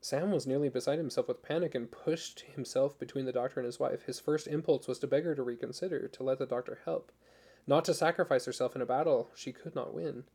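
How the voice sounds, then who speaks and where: A man reads a novel aloud in a measured, earnest voice. His tone is dark and mellow, with a gravelly texture running through it. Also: medium pitch. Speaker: audiobook narrator. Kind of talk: scripted narration.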